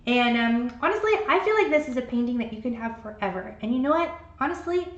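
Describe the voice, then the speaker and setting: A woman's voice: on the high side, animated, fast. A woman in her forties, chatty and encouraging, giving a live painting lesson. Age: 40s. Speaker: art instructor. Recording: roomy, dull sound.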